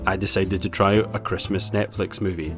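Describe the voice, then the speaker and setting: Scottish male film reviewer, deep voice, dry sarcastic delivery, faint music underneath. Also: little pitch movement, a little fast. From Scotland. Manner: wry, blunt and sarcastic. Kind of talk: casual film review monologue.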